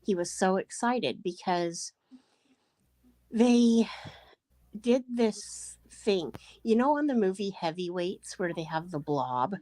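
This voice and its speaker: A woman's voice: mid-range voice, lively intonation, takes it slowly, warm tone, no room sound. A woman on a live panel chat, telling a story in a rambling, hesitant way with many fillers. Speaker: panel guest. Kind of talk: casual chat.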